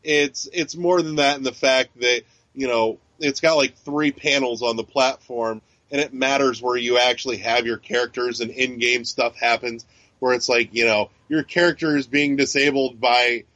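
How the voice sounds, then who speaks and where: In casual podcast talk, a male co-host rambles and curses, peppering his speech with fillers and restarts. His mid-range voice holds a steady, sharp tone at normal speed. The dry recording sounds dull and lo-fi.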